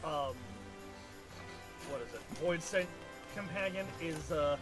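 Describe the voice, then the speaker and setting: A man's voice: on the high side, slow pace, music in the background. A man chatting casually with a friend while they play a game together, rambling and restarting his sentences, with the odd swear. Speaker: co-player. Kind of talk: casual gaming chat.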